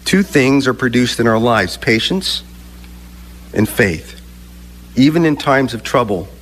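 A man preaching a sermon, speaking deliberately with emphatic pauses between phrases. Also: medium pitch, animated, a bit bright, a little hiss or hum. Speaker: pastor.

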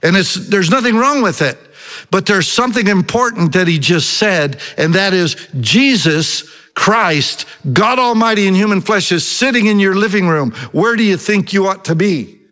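A man's voice: high voice, animated, moderate pace, pushed and bright, big-room sound. Man preaching with emphatic rhetorical questions. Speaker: pastor. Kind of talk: sermon.

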